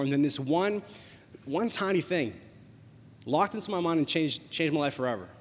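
Young guy pastor, kinda high voice, chatty storytelling sermon, long echo off the hall. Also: normal speed, long pauses. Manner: storytelling, animated, conversational preaching.

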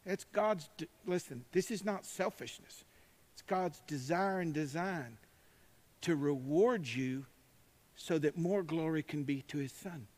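Male preacher, high-pitched, emphatic sermon delivery, recorded in a church hall with a long reverb tail. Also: unhurried. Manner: emphatic, rising to shouts, drawling asides.

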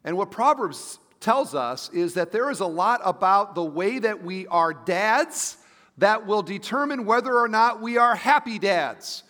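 A middle-aged man preaches a conversational sermon, his voice a touch higher than most. He drops into quiet asides and then climbs to emphatic points. The sound rings with the long reverb of a large church hall. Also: animated, measured pace. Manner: conversational preaching, shifting between soft asides and emphatic rises. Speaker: pastor. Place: church sanctuary.

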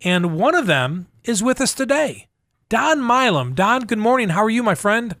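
A man's voice: high-pitched, big pitch swings, a bit bright, dry recording, clean studio sound. A man hosting a radio broadcast and interviewing a guest in an upbeat way. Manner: upbeat, quick, with restarts. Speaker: radio host.

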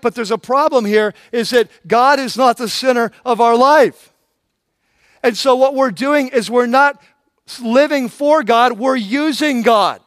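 Middle-aged guy pastor preaching, really high voice, dry close sound, earnest and repetitive. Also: moderate pace, fairly bright tone, no room sound. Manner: earnest preaching, repeats phrases, acts out prayers. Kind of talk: sermon.

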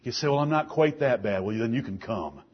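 A man preaching a sermon, firing off rhetorical questions and swinging between soft, low passages and loud, raised ones. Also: animated, a little fast, husky, highs cut off.

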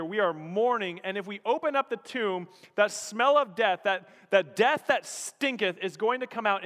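A grieving woman pleads with rising emotion, as a high-voiced male preacher puts her on. The voice rings out with the long echo of a large hall. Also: a bit bright.

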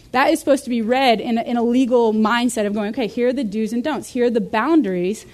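Young woman, Bible study teacher, lively and conversational, slightly high voice. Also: quick pace, hardly any pauses. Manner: lively, conversational, uses rhetorical questions. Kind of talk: teaching a class.

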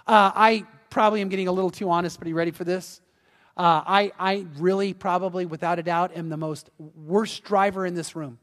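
A man with a high voice delivers a lively sermon, stumbling over repeated starts as he talks to his congregation. His voice rings with the long reverb of a church hall. He sounds unscripted and chatty. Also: a little fast. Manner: animated, conversational preaching with repeated restarts. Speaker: pastor. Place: church sanctuary.

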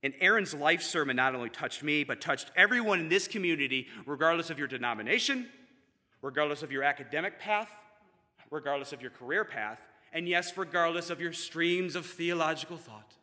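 A man's voice: a little high, lively intonation, fairly quick, sharp tone. A man speaking at a memorial service, telling stories about a friend and building to emphatic peaks. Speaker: seminary student giving a eulogy. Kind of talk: memorial tribute speech. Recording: long hall reverb.

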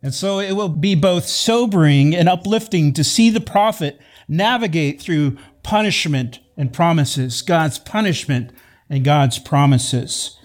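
A man preaching a sermon in a measured, emphatic way, repeating key phrases for weight. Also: on the high side. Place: church sanctuary.

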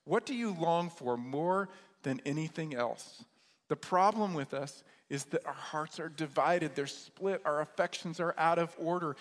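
A man's voice: on the high side, unhurried, a bit bright. A man preaching a sermon as a pastor, repeating key words and asking the listeners questions. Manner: repetitive, rhetorical questions. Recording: echoey hall with long reverb.

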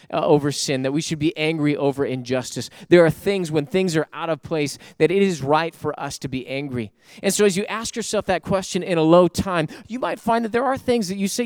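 A man preaching a sermon as pastor, swinging emphatically between loud bursts and soft, quiet stretches, speaking to listeners at home. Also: a little high, brisk, hardly any pauses, dry recording, studio quality.

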